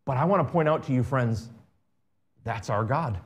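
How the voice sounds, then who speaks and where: A man preaching a sermon as pastor, reading scripture aloud and swinging between emphatic and quiet delivery. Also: medium pitch, lively intonation, moderate pace, pauses often.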